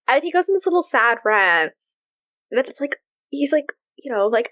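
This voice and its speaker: A young woman co-hosting a casual podcast, her voice sitting a little high. She talks with lots of energy, often jumping up in pitch to act out characters and breaking into laughs. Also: normal speed. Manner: animated, quotes characters in a higher voice, laughs often. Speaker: podcast co-host. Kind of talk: casual chat.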